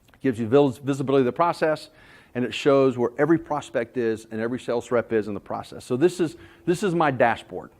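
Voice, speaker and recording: A man giving a sales management talk, telling jokey stories in an animated, self-deprecating way to a room. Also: mid-range voice. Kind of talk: storytelling presentation.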